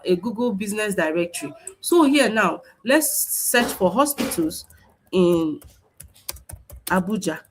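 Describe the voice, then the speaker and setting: A woman's voice: mid-range voice, slightly rough. A woman teaching an online class over a screen share, explaining step by step with many fillers and restarts. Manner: repetitive, stop-start explaining with many fillers. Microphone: computer mic on a video stream.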